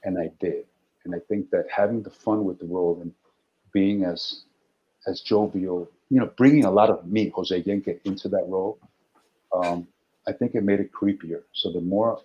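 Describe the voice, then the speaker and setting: Middle aged guy telling stories on a podcast, lowish voice, kinda muffled audio. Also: normal speed. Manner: animated anecdotal storyteller. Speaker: guest actor. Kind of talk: casual interview storytelling. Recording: dull lo-fi audio.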